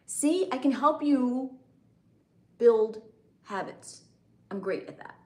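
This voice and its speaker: A woman's voice: sits high, animated, slow, pauses often. A woman hosting a casual live stream, chatting and teasing her viewers. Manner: teasing, chatty, drops into a soft breathy near-whisper. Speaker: livestream host. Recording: echoey room.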